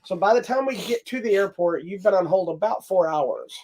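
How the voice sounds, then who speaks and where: A podcast co-host from Texas chatting casually, clearing the throat often and telling a long trip story with many restarts. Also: medium pitch, expressive, fairly quick, a little mellow. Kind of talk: casual chat.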